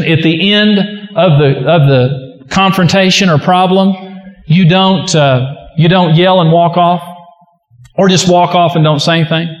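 A man preaching a sermon as a pastor, earnest and emphatic, often acting out prayers aloud. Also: high voice. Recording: echoey hall with long reverb.

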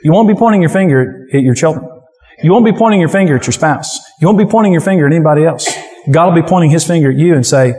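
Pastor, man, forceful repeated exhortations, higher voice, echoey hall. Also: animated, rapid-fire. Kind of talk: sermon.

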